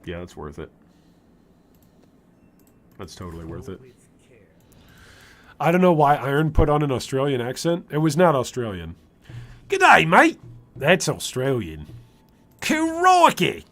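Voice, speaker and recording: A man streaming gameplay, chatty and animated, commenting on his build and answering chat. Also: mid-range voice, normal speed, long pauses. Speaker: streamer, game host.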